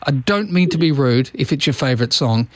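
A man's voice: mid-range voice, animated, fairly quick. A middle-aged Australian man hosting an overnight radio show, chatting and joking with callers in a self-mocking way. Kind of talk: late-night radio chat with callers. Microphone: studio microphone.

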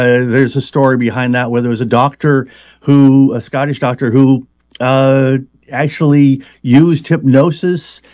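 A man's voice: medium pitch, darkish tone, no room sound. A man being interviewed as a hypnotist, explaining at length in a conversational way with many fillers and restarts.

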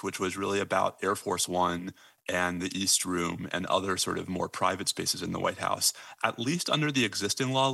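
Male legal analyst for radio news; measured and explanatory, dry close sound, crisp gravel in the voice. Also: low voice, bright, forceful tone, dry recording.

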